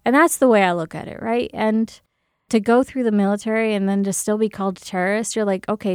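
A woman's voice: mid-range voice, clean tone, no room sound, studio quality. A woman and military veteran telling a personal story candidly, swearing freely and laughing as she goes.

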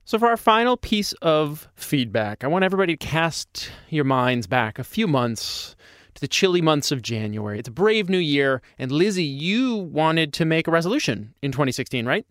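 A man co-hosting a podcast, introducing segments in a measured way. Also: fairly high pitch, very animated, fairly bright tone, no room sound, studio quality. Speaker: co-host. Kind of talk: casual podcast chat.

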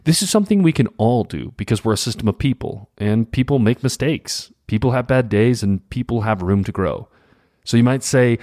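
A middle-aged man reading an article aloud in a calm, measured way, acting out short quoted examples. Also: mid-range voice, dry recording, studio quality. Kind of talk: scripted narration.

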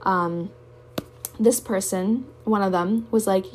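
A woman's voice: medium pitch, fairly even intonation, slow pace, darkish tone. Emotional young woman's candid monologue. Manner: emotional, candid, swears often. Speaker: podcast host. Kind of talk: personal monologue.

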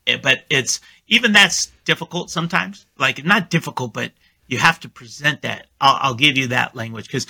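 A confident man talks through his sales pitch on a remote call. His voice has a gravelly fry and a sharp, bright tone. He sounds practiced and persuasive, as if coaching listeners. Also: normal speed, no echo. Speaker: real estate agent guest. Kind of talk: conversational podcast interview.

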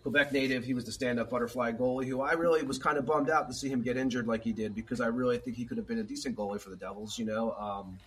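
A man's voice: mid-range voice, fairly even intonation, fast, hardly any pauses, a little hiss or hum. A man on a sports podcast, rambling easily through a news item. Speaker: podcast co-host. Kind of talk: casual sports chat.

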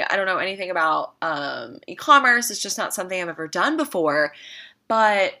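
A woman's voice: lowish voice, sing-song, normal speed, bright, forceful tone. A woman talking casually to viewers about faith, earnest and emphatic, repeating phrases for stress. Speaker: Christian vlogger.

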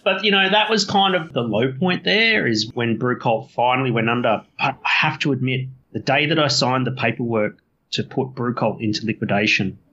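A man's voice: mid-range voice, normal speed, sharp tone, lo-fi sound, slight background noise. An Australian man telling his story as a podcast guest, rambling, swearing and correcting himself often. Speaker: guest brewer.

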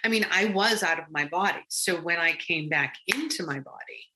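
A woman guest recounting a personal experience in conversation, animated and rambling with frequent restarts. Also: on the low side, normal speed, low-quality recording.

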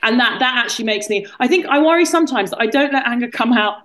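A woman's voice: on the high side, expressive, fast, fairly bright tone. A woman with an English accent, a podcast guest talking frankly and self-deprecatingly in casual conversation. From England. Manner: candid, self-deprecating, laughs at herself.

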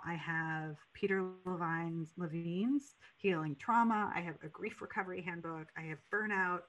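A woman's voice: fairly low pitch, unhurried, hardly any pauses, bright, forceful tone, rough recording. A woman hosting a podcast in casual conversation, earnest and searching, with many "like" fillers, her voice rising when she quotes herself. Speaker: podcast host.

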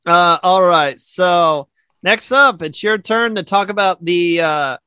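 A man co-hosting a casual sports podcast, relaxed and chatty, often laughing and restarting his sentences. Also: high voice, takes it slowly, clean tone, dry recording. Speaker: podcast co-host. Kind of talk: casual chat.

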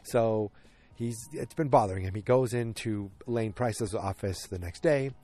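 A man's voice: lowish voice, a little slow, mellow. Rambling man recapping a TV episode. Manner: rambling, self-interrupting storyteller.

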